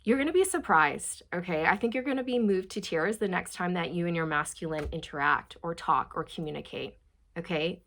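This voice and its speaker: A woman's voice: fairly low pitch, animated. Emotional woman giving a tarot reading. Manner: emotional, gushing, frequent "okay?" and "you guys"; reads quotes slowly and softly. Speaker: tarot reader. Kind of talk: channeled tarot reading to viewers.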